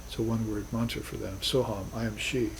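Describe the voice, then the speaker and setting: A man's voice: on the low side, steady tone, fast talker, creaky, a little hiss or hum, poor audio. Earnest male spiritual teacher lecturing. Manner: earnest, reflective, rises to emphatic bursts. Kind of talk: recorded class lecture.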